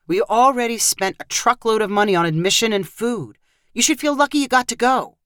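A woman reading aloud plays a tired father in a storybook, strained and quick to defend himself. The voice sits low and sounds dry and close. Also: expressive, dry recording, close to an everyday voice. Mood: defensive.

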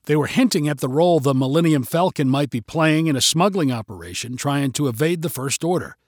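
A man reads a story aloud in a steady, measured way, his voice sitting a little high for a man. He is on a close mic in a dry, dead space with no room sound. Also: dry recording. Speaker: narrator. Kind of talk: storybook narration.

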